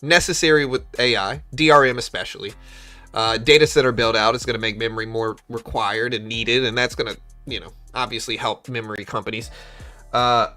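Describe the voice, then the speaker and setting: A young man hosts a live market-trading stream in a loose, slangy chat style, calling out viewers' comments as they come in. His voice sounds bright and forward. Faint music runs quietly underneath. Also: medium pitch. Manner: chatty, slangy, reads chat aloud, animated when joking. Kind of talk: casual livestream chat.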